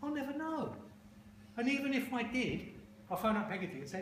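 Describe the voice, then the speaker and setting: A man's voice: very high voice, sing-song, brisk, fairly bright tone. Blunt, profane man speaking to a class. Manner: blunt, profane, emphatic storytelling. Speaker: guest speaker to advertising students. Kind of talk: informal talk and Q&A. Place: room full of students. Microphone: phone recording from the audience. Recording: distant, echoey, noisy phone recording.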